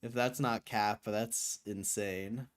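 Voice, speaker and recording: A man's voice: on the low side, steady tone, takes it slowly. A young man hosting a livestream who chats casually with viewers in a laid-back, slangy way, full of fillers. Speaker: livestream host. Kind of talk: casual chat reading viewer comments.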